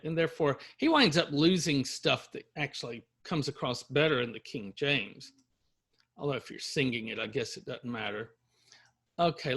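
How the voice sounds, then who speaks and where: Middle-aged guy from louisiana teaching a lit class, a bit high-voiced, reads verse then talks it through with lots of ums. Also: fairly bright tone, breathy edge. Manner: reads verse aloud then explains it with fillers. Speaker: university literature lecturer. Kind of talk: classroom lecture with readings.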